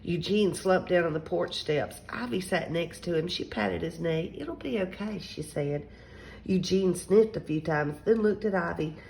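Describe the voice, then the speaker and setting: A woman reads a children's picture book aloud at a gentle, steady pace. Her voice sits a little low with a gravelly grain, and a faint hiss hangs behind her. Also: measured pace, rough recording. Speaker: storyteller.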